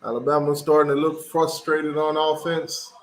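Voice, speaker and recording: A man hosting a watch party, giving casual play-by-play commentary and getting loud and excited on big plays. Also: a little high, moderate pace, roomy sound, poor audio.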